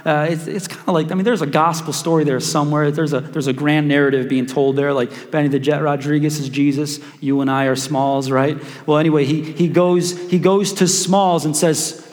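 A man, a pastor, preaching a sermon in an animated, joking way and calling on the congregation to respond. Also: fairly high pitch, moderate pace, hardly any pauses, in a large hall.

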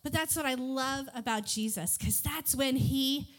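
A woman giving a devotional Bible lesson, reading scripture aloud in an animated, playful way. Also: sits high, unhurried. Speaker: Bible teacher.

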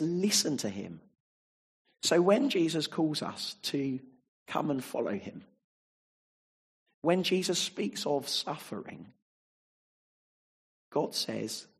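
Man preaching, husky and a little high, leans on tag questions. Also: a little mellow. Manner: emphatic, with frequent rhetorical tag questions. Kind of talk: sermon.

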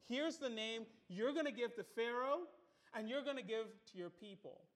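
A preacher voicing God, hushed and solemn. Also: male voice, very high-pitched, lively intonation, normal speed, voice pushed up. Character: God, calm commanding male deity. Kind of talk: sermon, acted quote.

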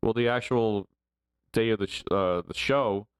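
A man's voice: fairly low pitch, a little slow, clear, resonant tone, no room sound. A man in his forties, a podcast guest telling rambling stories and laughing often as he talks. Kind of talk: casual storytelling interview.

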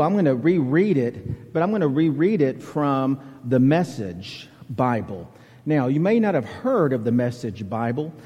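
A man's voice: a little high, dark tone, husky. A middle-aged man from Alabama with a Southern accent, preaching a conversational sermon as a guest preacher, joking and folksy. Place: church sanctuary. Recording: reverberant church hall.

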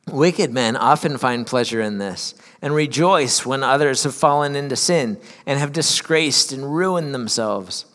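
A man's voice: fairly high pitch, fairly bright tone, long reverb tail. A male pastor giving a sermon in a church, mixing reading aloud with candid, conversational asides.

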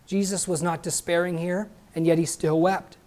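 A man's voice: sits high, little pitch movement, normal speed, a little mellow. A man preaching a sermon emphatically, asking the congregation questions and adding joking asides.

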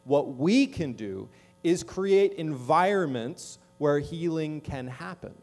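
Male pastor, middle-aged, conversational sermon, checks in with listeners, slightly higher voice, church setting. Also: lively intonation, slow pace, darkish tone, soft background music. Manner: conversational, checks in with the audience often. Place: church sanctuary.

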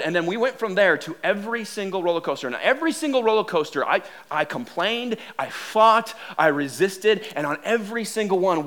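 Guy with a high voice telling a story from the pulpit, jokey, lots of and-and restarts. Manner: animated, self-mocking, many fillers and restarts. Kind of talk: storytelling sermon.

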